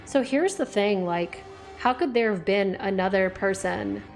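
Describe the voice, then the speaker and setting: A woman's voice: medium pitch, expressive, unhurried, soft background music. Chatty young woman streamer. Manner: chatty, lots of "like", swears casually. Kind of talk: casual live-stream commentary and reading game text aloud.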